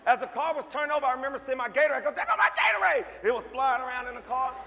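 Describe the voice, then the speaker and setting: A man with a high, bright voice delivers a motivational speech to a live audience. He tells his stories animatedly, acting out the characters and breaking into shouts. His voice rings out with a long reverb in a large hall. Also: steady tone, racing. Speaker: motivational speaker.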